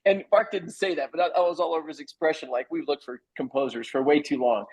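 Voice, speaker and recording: A middle-aged man, a playwright, telling an animated anecdote and acting out other people's lines as he goes. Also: a little high, fast, breathy edge, rough recording. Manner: lively, acts out other people's lines in quoted voices. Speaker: playwright guest.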